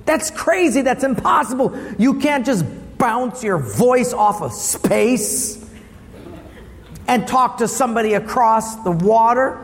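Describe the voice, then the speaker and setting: A man's voice: very high voice, animated, slow pace, big-room sound, heavily acted. A man voicing a baffled man from the 1800s who exclaims in disbelief at everything. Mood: incredulous.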